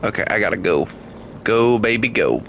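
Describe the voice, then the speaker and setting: A man's voice: on the low side, lively intonation, normal speed, dull audio, a little hiss or hum. A man streaming a game, chatting casually with his viewers, teasing them and laughing often. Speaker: gaming streamer. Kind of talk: casual live-stream chat while playing.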